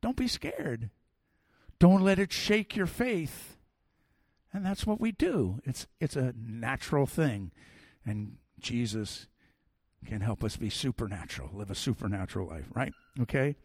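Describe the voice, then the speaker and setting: A middle-aged man preaching a sermon, telling personal stories in an animated way that swings from loud to soft. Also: medium pitch, unhurried, slightly rough, no room sound, clean studio sound. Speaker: pastor.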